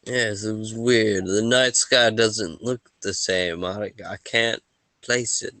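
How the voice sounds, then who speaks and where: A man's voice: on the low side, steady tone, slow pace, pushed and bright, dry recording. A man voicing a humble, easygoing male merchant in a tabletop game, rambling with fillers. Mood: friendly. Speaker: game master voicing a character. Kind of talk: tabletop role-play.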